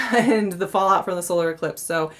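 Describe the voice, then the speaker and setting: A woman's voice: fairly low pitch, normal speed. A young woman giving a casual monthly tarot reading, chatty and effusive, laughing often and a little tired. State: yawning, tired. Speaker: tarot reader.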